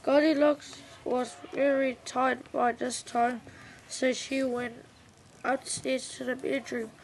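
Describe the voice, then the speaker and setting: A woman reading a storybook aloud slowly and carefully, with small restarts. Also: high-pitched, little pitch movement, a little hiss or hum, low-quality recording.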